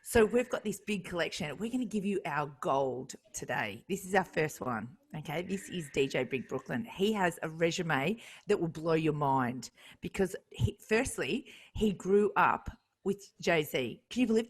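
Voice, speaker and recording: A bubbly woman co-hosting a radio show, hopping from one thought to the next. Her voice is slightly low and a touch husky. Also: lively intonation. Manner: bubbly, quick, jumps between thoughts. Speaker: radio co-host. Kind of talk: casual radio chat.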